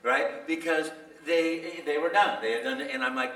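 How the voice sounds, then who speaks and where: A man telling animated stories at a fan convention panel, laughing and acting out voices along the way. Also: fairly high pitch, normal speed. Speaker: voice actor, panel guest. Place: convention hall. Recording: echoey hall, mic from a distance.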